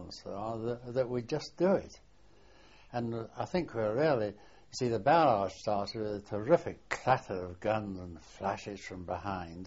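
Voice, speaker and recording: Elderly man, lo-fi archival tape. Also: on the low side. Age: older. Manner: halting reminiscing, trailing off softly. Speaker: war veteran interviewee. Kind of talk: oral history interview.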